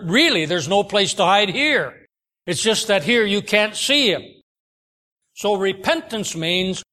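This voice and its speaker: A man preaching a sermon, telling stories in a slow, earnest way with frequent restarts. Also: high voice, fairly bright tone.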